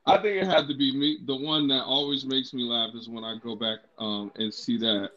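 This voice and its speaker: A man's voice: medium pitch, fairly even intonation, normal speed, bright, forceful tone, highs cut off. A man in casual chat on a podcast, laid-back and swearing freely.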